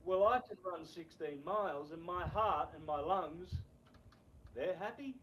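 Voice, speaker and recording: Man in his 60s, podcast guest, slightly high voice, unhurried, rambling storyteller. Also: muffled recording, slight background noise. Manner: rambling, animated anecdotes. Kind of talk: casual storytelling interview.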